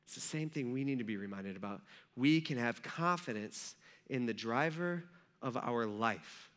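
A man's voice: medium pitch, lively intonation, moderate pace, a bit bright. A man preaching a sermon, retelling a scripture story in a conversational way with rhetorical asides to the listeners. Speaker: pastor.

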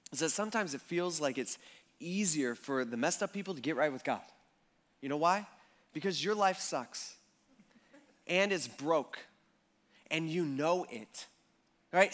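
A man preaching a sermon, retelling a parable in a lively, conversational way and acting out the voices of the crowd. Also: a little high. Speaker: pastor.

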